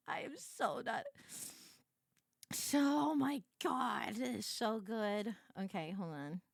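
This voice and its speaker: Giggly woman streamer, high lively voice, gushing casual chat, dry close mic. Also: slow pace, creaky, husky, no room sound.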